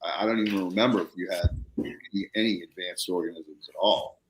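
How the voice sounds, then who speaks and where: A man's voice: sits low, fairly quick, reverberant. A man hosting a podcast, telling a story in a casual, slangy way and acting out both sides of phone calls. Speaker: podcast host.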